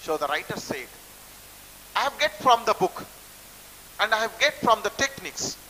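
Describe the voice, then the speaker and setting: A college English teacher with an Indian English accent explains a textbook story to his students in a high, very bright, sharp voice with a sing-song lilt at normal speed. He is repetitive, restarting phrases and circling back to define word meanings. The recording has a long echo and a faint hiss.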